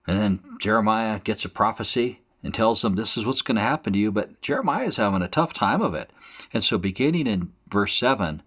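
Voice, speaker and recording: A man's voice: lowish voice, expressive, a little fast, a bit bright. A man teaching a Bible passage verse by verse, explaining it in plain conversational terms. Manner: explains scripture conversationally, acts out quotes.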